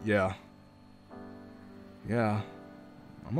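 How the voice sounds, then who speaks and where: Excitable man streaming a game. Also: fairly high pitch, measured pace, long pauses, faint music behind. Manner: excitable, swearing, slangy reactions. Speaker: gaming streamer. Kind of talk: reading a visual novel aloud with live reactions.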